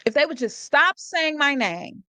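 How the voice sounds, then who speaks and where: A woman's voice: sits high, measured pace, no echo. Sarcastic woman streamer, dry close mic. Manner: animated and sarcastic, laughing often, reading chat comments aloud. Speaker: livestream host. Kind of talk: casual commentary talk.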